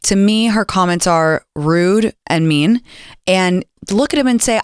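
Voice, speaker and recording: A woman's voice: medium pitch, unhurried, smooth, dry recording, studio quality. A woman hosting a call-in advice show, blunt and emphatic, swearing freely as she tells callers what to do. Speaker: podcast host.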